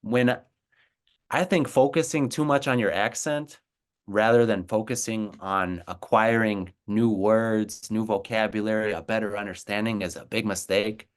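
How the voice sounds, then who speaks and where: A man's voice: lowish voice, fairly even intonation, unhurried. A man from the United States, a native English speaker, talking earnestly and encouragingly with his co-host about learning languages. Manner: earnest, encouraging, repeats words. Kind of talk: casual conversation.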